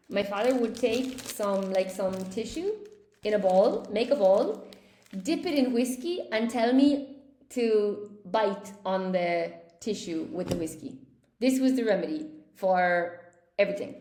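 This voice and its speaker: A woman's voice: medium pitch, darkish tone. Chatty woman teaching English, echoey room. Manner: chatty, reads viewer comments aloud and laughs; emphatic when correcting mistakes. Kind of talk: live online English lesson.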